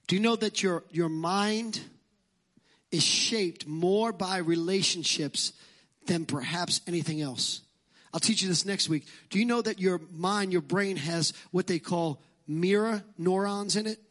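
A man's voice: sits high, unhurried, fairly bright tone. A male pastor with a Brooklyn accent preaching a sermon in church, emphatic and fond of repeating phrases.

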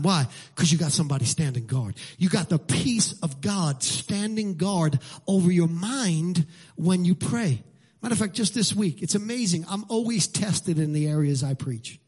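A man preaching a sermon as pastor, building to shouted lines. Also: high voice, animated, normal speed, slightly rough.

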